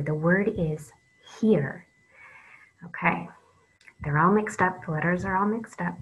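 Slow, patient woman teaching phonics. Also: fairly low pitch, slightly rough, lo-fi sound. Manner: slow, patient, drawn-out letter sounds, soft whispered asides. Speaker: reading teacher. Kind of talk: online phonics lesson.

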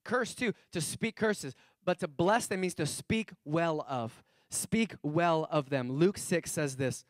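In a sermon full of stories, a slightly high-voiced pastor swings animatedly from soft asides to loud, emphatic bursts, repeating key phrases slowly for weight. The audio is clean studio sound, with no room sound.

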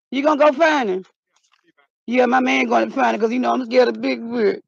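A woman, hamming up a comic vlog outdoors, playing scared and shouting out calls. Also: high-pitched, brisk, creaky, breathy edge, no echo, highs cut off. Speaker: vlogger. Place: outdoors in the cold.

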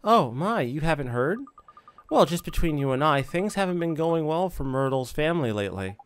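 A man voicing a gossiping, kindly old neighbour woman, fussy and soft-spoken. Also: a little high, very animated, moderate pace, clear, resonant tone, voice pushed up. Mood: gossipy.

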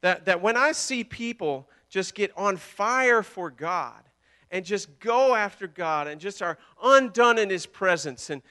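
Preacher guy giving a sermon, pretty high voice, swings from loud to hushed and back. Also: animated, a little slow, smooth. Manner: impassioned, repeating words, swinging between loud and hushed. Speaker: pastor.

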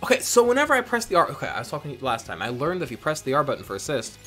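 A man chatting through a video game, rambling off on tangents and swearing freely in a playful, self-mocking way. His pitch swings widely and lively, with faint game music under him. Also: racing. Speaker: let's play host. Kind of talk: casual gameplay commentary.

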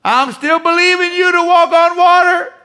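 A preacher putting on a whiny high-pitched do-nothing believer. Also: male voice, steady tone, normal speed. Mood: mocking. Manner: high, loud, mocking sing-song. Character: whiny self-deceived male believer, all talk.

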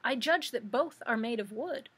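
A woman's voice: fairly high pitch, expressive, moderate pace, a bit bright, slightly rough. Woman doing the pompous Wogglebug. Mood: polite. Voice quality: wordy and formal. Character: pompous learned giant male insect.

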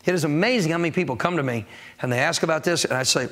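Preaching very fast with lively intonation, this man's slightly high, somewhat bright voice carries through the sanctuary. As pastor, he prompts the congregation to answer and mimics the excuses people give.

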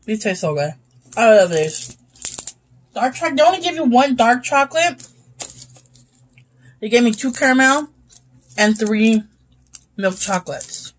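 A woman's voice: fairly high pitch, expressive, a little slow, pauses often, rough recording. A young woman chatting casually as she tastes and rates snacks, sometimes talking with her mouth full. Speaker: YouTube host. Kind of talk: casual snack review vlog.

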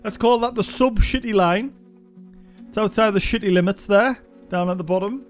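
A man's voice: high voice, normal speed, soft background music. A young man giving casual, sweary gameplay commentary, thinking aloud as he plays. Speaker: game reviewer.

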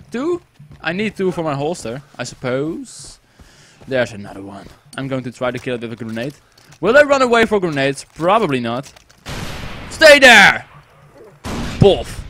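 A young Dutch man narrates a game as he plays, his voice sitting a bit high and jumping all over the place. He swears constantly and rambles through side thoughts, with a faint hiss under the recording. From Netherlands. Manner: excitable, swears a lot, rambling asides. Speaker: gaming YouTuber. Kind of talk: let's play commentary.

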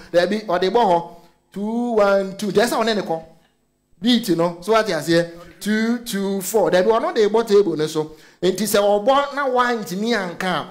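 A Ghanaian man preaching a sermon, switching between Twi and English and telling animated stories with frequent calls of hallelujah. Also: high-pitched. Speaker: pastor.

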